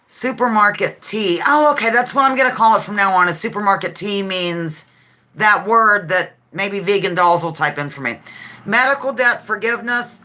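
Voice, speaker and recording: Lively, bright-voiced woman hosting a live stream. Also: medium pitch. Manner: chatty, giggly, reads viewer comments aloud. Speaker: livestream host. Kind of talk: casual live-stream game chat.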